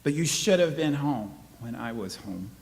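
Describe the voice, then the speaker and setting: A man's voice: medium pitch, lively intonation, normal speed, gravelly, voice pushed up. A man reading aloud as an anxious, stubborn, precocious young boy who argues insistently, recorded in an echoey hall. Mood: accusing. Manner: insistent and argumentative. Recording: echoey hall, faint noise.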